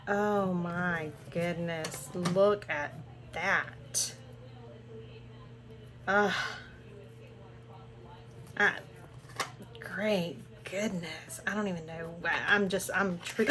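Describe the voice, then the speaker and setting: A woman's voice: on the low side, fairly even intonation, very slow, pauses often, fairly bright tone. An older woman hosting an unboxing vlog from her home craft room, gushing with gasps and breathless exclamations. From southern United States. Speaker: crafting channel host. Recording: home recording with background noise.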